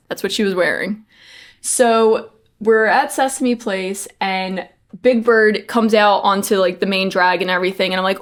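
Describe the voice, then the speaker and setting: Woman telling a lively anecdote. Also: fairly high pitch. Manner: animated storytelling, acting out quotes. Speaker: podcast co-host. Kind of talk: casual chat.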